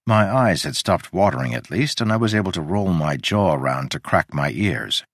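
Male story narrator, low and lively, measured, dry close mic. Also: dry recording. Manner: measured and descriptive.

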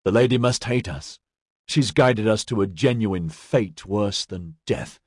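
A male narrator voicing a gentle, steadfast man who speaks softly and reassuringly. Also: measured pace, dry recording, studio quality. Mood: wry. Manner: soft, reassuring, low. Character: gentle, steadfast man comforting his love.

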